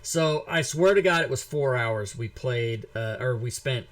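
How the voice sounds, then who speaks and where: Male talk show host, forties, lively profane storyteller, mid-pitched voice. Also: a little slow, noisy background. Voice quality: animated, profane, shouts when reenacting. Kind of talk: casual storytelling and giveaway.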